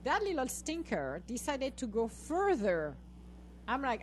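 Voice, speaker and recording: A woman's voice: high voice, normal speed, background noise. A middle-aged woman hosting a podcast, telling a funny story in a casual chat and acting out what she said, often laughing. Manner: animated, laughing, acts out her own lines to the dogs. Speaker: podcast host.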